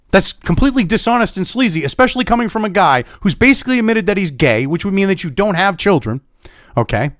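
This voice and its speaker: An angry, foul-mouthed man ranting sarcastically as a commentary vlogger. His voice runs fairly high and leaps around a lot in pitch. The sound is close and dry, with no room echo.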